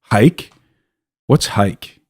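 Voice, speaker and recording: A man's voice: extremely slow, dry recording, clean studio sound. A man quoting a stern, mocking female immigration officer with a British accent, in a curt, sarcastic questioning manner.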